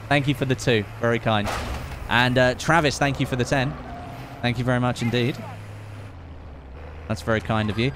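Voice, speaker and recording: A man's voice: medium pitch, a little hiss or hum. A man streaming gameplay live, upbeat and chatty, thanking viewers between laughs. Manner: upbeat, thanks donors warmly, laughs often. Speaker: gaming streamer.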